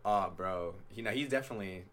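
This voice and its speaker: A man's voice: fairly low pitch, fast talker, a crowd in the background. A young man hosting a podcast, telling stories in a laid-back, slangy way and laughing often. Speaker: podcast host. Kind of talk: casual chat.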